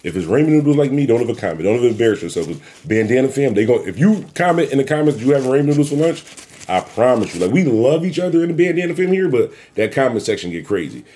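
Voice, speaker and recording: A man hosting his own commentary show, talking bluntly and profanely in a rambling, animated way. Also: medium pitch, quick pace. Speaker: YouTube commentary host. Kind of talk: casual commentary rant.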